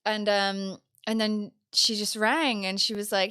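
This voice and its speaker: A woman's voice: mid-range voice, fairly even intonation, moderate pace, a bit bright, clean tone, dry recording. Chatty Irish woman, dry close sound. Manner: chatty, self-deprecating, laughs often. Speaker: podcast co-host. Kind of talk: casual chat.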